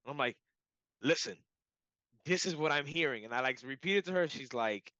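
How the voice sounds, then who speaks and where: A man telling a personal story in a casual, animated way, full of "like" and "you know". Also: on the high side, fairly quick, no room sound. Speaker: client giving a testimonial. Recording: dull lo-fi audio.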